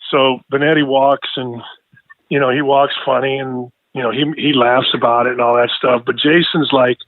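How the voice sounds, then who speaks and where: A middle-aged man and radio host, talking as a guest on a podcast. He tells stories in a lively way, laughs often and repeats his words as he talks. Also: medium pitch, moderate pace, no room sound. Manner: animated storytelling, laughs a lot, repeats words. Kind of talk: casual podcast conversation. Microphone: phone line. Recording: thin phone line.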